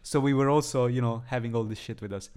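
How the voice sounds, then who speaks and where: A man's voice: mid-range voice, fast, darkish tone, clean tone. A man co-hosting a podcast, telling a story in casual chat, rambling with restarts, swearing and laughing. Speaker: podcast co-host.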